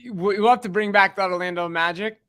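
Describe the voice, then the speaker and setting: A man co-hosting a casual online chat, speaking at a measured pace with the odd hesitation. His voice sits high for a man. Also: sharp tone, smooth. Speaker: co-host. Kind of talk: casual chat and reading aloud.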